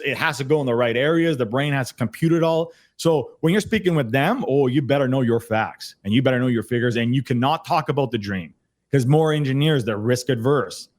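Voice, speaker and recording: A man speaking as a podcast guest on a video call, explaining energetically, often repeating words and restarting. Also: mid-range voice. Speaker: podcast guest, sales trainer. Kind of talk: casual conversational explanation. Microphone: computer on a video call.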